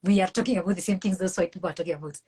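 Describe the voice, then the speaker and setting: A woman's voice: lowish voice, racing, warm tone, husky, low-quality recording. A woman with a Kenyan accent, a mental health professional speaking earnestly and passionately as an interview guest. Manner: earnest, impassioned, preachy. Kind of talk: conversational interview.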